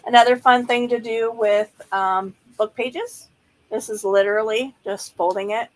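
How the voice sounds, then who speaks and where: Woman, casual craft tutorial, relaxed and chatty, thinks aloud mid-task, middle pitch. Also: moderate pace, low-quality recording. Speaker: journaling crafter.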